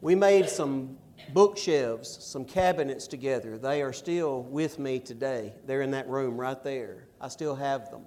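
A middle-aged man preaching a sermon and reading scripture, with emphatic stresses and quiet asides. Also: mid-range voice, measured pace. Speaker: pastor.

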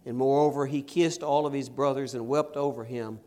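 A middle-aged man preaching a sermon and reading scripture, with emphatic stresses and quiet asides. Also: medium pitch, steady tone, a little fast, a little hiss or hum. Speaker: pastor.

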